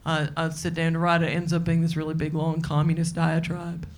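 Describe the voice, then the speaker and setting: A woman doing an impression of a sitcom star, dropping into a low, lazy drawl. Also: completely flat delivery, a little fast, natural voice.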